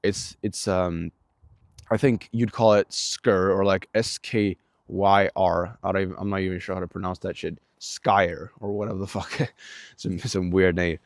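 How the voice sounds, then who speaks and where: Young man, Swedish accent, deep low voice, dry close sound, casual rambling vlog talk, swears a lot. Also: fairly even intonation, moderate pace, gravelly, no echo. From Sweden. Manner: rambling, profane, full of fillers and restarts. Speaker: vlogger.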